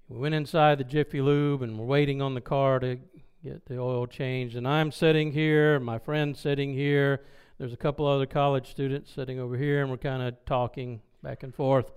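A man telling a personal story in a sermon, animated and acting out the dialogue. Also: mid-range voice, normal speed, clear, resonant tone. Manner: loud when excited. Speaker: preacher.

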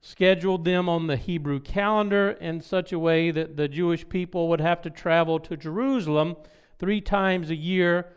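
Male pastor, sermon-style teaching, emphatic, fairly high smooth voice. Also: fairly even intonation. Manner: emphatic, slows and stresses key words, asides to the congregation. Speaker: pastor teaching a Bible study.

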